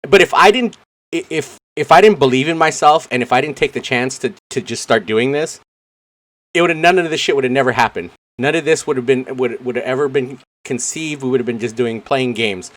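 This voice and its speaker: A man's voice: medium pitch, a little fast, a bit bright. A man co-hosting a casual gaming podcast, talking earnestly and rambling with frequent restarts. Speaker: podcast co-host.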